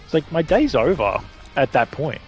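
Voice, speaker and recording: A gaming streamer with an Australian accent talks casually, hopping from point to point and swearing freely while he plays. His voice sits a little high and has a sing-song quality at a moderate pace, over soft background music.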